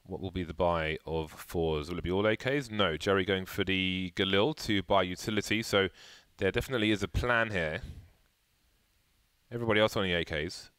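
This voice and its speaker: A man giving play-by-play commentary on an esports match, getting excitable and rising with the action. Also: sits low, moderate pace, clear, resonant tone, dry recording.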